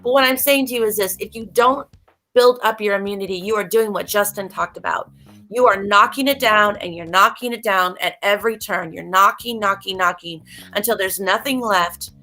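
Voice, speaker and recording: A woman's voice: medium pitch, normal speed, pushed and bright, faint music behind. A woman hosting a casual livestream, talking emphatically and a bit preachily, straight to her viewers. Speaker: livestream host.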